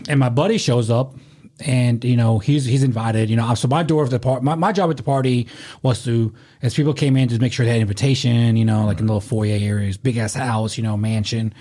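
Husky man telling a rambling story. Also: medium pitch, fairly even intonation, fairly quick, warm tone. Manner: rambling, laughing, with many restarts and swearing. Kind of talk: casual storytelling chat.

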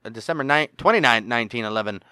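A man co-hosts a casual podcast, reading a crime story aloud with wisecracks and offhand swearing. His voice is bright and crisp, recorded close and dry. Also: mid-range voice, lively intonation, racing, no room sound. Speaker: podcast co-host.

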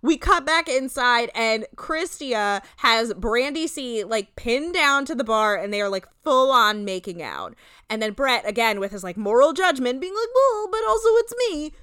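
A woman's voice: on the high side, lively intonation, a little slow, bright, forceful tone, smooth, dry recording, studio quality. A young woman co-hosting a casual podcast, recapping a reality show with lots of fillers and voiced-out quotes. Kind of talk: casual chat.

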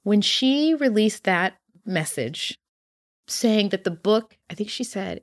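A woman's voice: mid-range voice, animated, takes it slowly, no room sound, clean studio sound. A woman author talking animatedly in an interview, full of "you know" and "like", acting out quotes as she tells stories. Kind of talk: casual interview chat.

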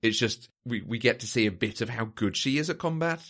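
A man's voice: medium pitch, expressive, brisk, fairly bright tone. A man co-hosting a casual film discussion, thoughtful and hesitant, with plenty of fillers and restarts. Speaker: podcast co-host.

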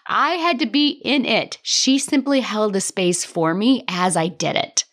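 Emotional woman hosting a coaching podcast. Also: mid-range voice. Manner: earnest, emotional, talks through tears at times. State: strained, worn voice. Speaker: podcast host and business coach. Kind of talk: solo podcast monologue.

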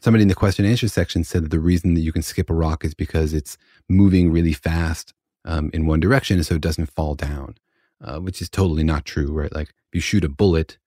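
A man's voice: very deep voice, steady tone, fast, dark tone, dry recording, studio quality. A man co-hosting a casual science chat, explaining things patiently and often checking in with "right?". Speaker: podcast co-host explaining physics.

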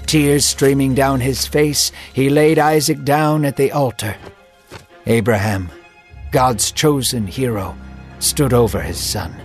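A man narrating a dramatic Bible story in a measured, emotive way. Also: mid-range voice, faint music behind.

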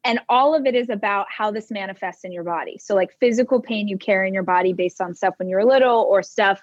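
A woman hosting a podcast, telling a story in an animated, casual way that mixes quick bursts with drawn-out words. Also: medium pitch, no echo, lo-fi sound. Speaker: podcast host. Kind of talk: casual chat.

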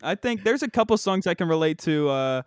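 A young man with a lively, bouncing voice, recorded close and dry. He chats casually on a comedy podcast, laughing often and calling people "bro" and "dude". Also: fairly high pitch, fairly quick, clear, resonant tone, no echo. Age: young adult.

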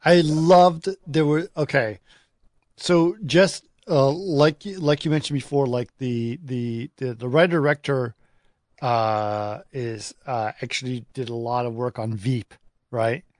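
A man co-hosting a casual film discussion, talking in halting, rambling sentences full of restarts. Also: medium pitch, fairly even intonation, a little mellow, no room sound, studio quality. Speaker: podcast co-host.

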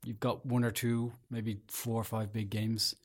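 A man's voice: lowish voice, little pitch movement, a little slow. A man hosting a casual football podcast panel, steering the talk and teasing his guests with a laugh. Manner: leads and teases the panel, laughs often. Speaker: podcast host.

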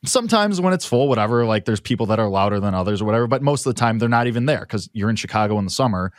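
A man's voice: fairly low pitch, expressive, racing, no echo, clean studio sound. A man on a talk show telling a rambling personal story in casual chat, full of fillers.

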